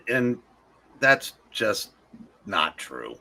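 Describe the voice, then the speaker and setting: A man co-hosting a live stream, speaking in a measured, halting way with frequent restarts. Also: on the low side, very animated, bright, forceful tone. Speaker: co-host. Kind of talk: casual live-stream chat.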